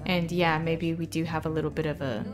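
A woman's voice: deep voice, flat delivery, brisk, over music, natural voice. A woman voicing a sassy office boss sim. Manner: exasperated, sassy retorts.

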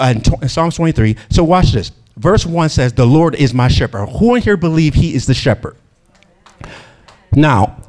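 A man preaching a sermon in an animated way, acting out quotes and laughing between lines. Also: on the high side.

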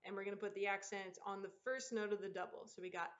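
A woman teaching an online drum lesson, explaining patterns in a relaxed, encouraging way and counting aloud. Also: mid-range voice, fast, heavy background noise. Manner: counts aloud and vocalizes rhythms over drumming. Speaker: percussion teacher. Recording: dull lo-fi sound with loud drumming behind. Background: loud percussion.

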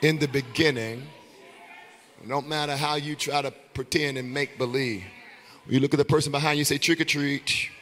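A man preaching a sermon as pastor, swinging between quiet talk and chanted, shouted call-and-response. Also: a little high, fairly even intonation, moderate pace, big-room sound, slight background noise.

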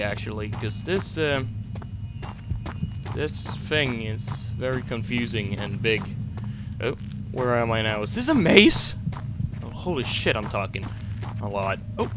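Playing a horror game over its music, a young man keeps up a let's play commentary, talking to himself, joking, swearing, and screaming whenever something scares him. His medium-pitched voice is sing-song and slow, with frequent pauses.

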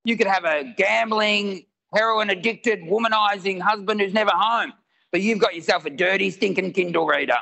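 A middle-aged man performing a lively stand-up comedy set at a live venue, shouting his punchlines. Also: high voice, moderate pace, vocal fry.

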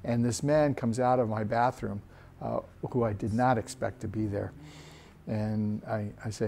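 A man's voice: on the low side, fairly even intonation, vocal fry, slight background noise. Earnest man telling a testimony. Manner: earnest, halting, frequent restarts. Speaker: church member sharing a testimony. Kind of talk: personal testimony, storytelling. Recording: soft guitar music behind. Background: soft guitar music.

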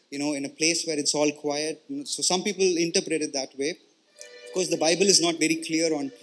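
A pastor preaches a sermon in an earnest, conversational, explanatory way, his voice somewhat high, bright, and forward. He often repeats words and keeps checking in with his listeners through frequent "you know" and "right?"

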